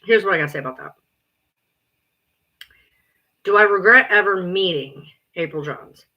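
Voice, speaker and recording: A woman livestreaming and chatting casually, blunt, exasperated and quick to swear. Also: fairly low pitch, muffled recording.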